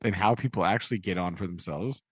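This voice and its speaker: Rambling low-voiced man, dry mic. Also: quick pace, breathy edge, dry recording. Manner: rambling, full of "like" and "right?"; acts out quotes in changing voices. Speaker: podcast co-host. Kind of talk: casual book discussion.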